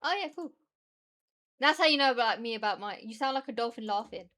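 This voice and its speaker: A woman's voice: a little high, expressive, fairly quick, pushed and bright, slight background noise. A British woman streamer chatting casually and rambling, laughing often as she reacts to her chat.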